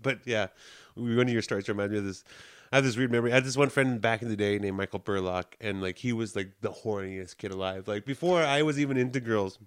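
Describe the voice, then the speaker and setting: A man's voice: fairly low pitch, fast talker, smooth. A young man co-hosting a podcast, telling stories in casual chat with lots of slang. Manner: animated storyteller, slangy, laughs often. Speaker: podcast co-host.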